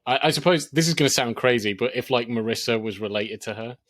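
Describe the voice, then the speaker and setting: A man's voice: mid-range voice, fast talker, fairly bright tone. A man co-hosting a film review podcast in casual chat, acting out reactions with sudden exclamations. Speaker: podcast co-host reviewing films.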